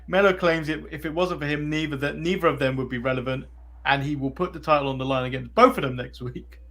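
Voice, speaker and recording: A man's voice: on the high side, quick pace, a bit bright. A man with an English accent co-hosting a casual podcast, recapping events and chuckling as he goes. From England. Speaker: podcast co-host. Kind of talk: casual chat.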